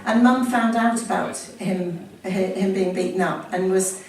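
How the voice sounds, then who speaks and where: A woman's voice: mid-range voice, measured pace. A woman chatting casually and reading a story aloud from a book, laughing and correcting herself as she goes. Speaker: reader sharing a family story. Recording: echoey room from far off, faint ambience.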